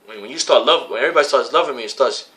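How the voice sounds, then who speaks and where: A man's voice: medium pitch, racing, bright, forceful tone. A man preaching casually, quoting scripture and recasting it in profane street slang, repeating phrases for emphasis. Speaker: religious camp member preaching.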